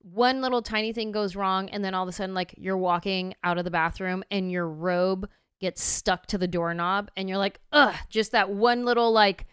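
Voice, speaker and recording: A woman in her thirties hosting a podcast, telling a story in a casual, animated way and acting out her own reactions. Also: medium pitch, moderate pace, smooth, dry recording, clean studio sound. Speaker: podcast host.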